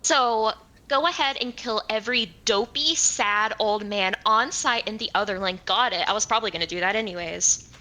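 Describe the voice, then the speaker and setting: A woman's voice: medium pitch, normal speed, bright, forceful tone. A woman playing a tabletop game, giddy and crude, switching between her character and table talk. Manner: giddy and crude, bursts into squeals. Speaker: player. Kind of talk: tabletop role-play, in and out of character.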